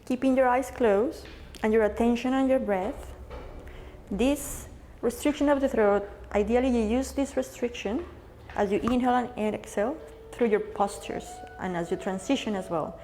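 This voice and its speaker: Yoga teacher, female, warm low-bright tone, calm breath cues, slight hiss behind. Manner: calm, slow cueing of breath and movement. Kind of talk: guided yoga class instruction. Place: home studio space, live-streamed.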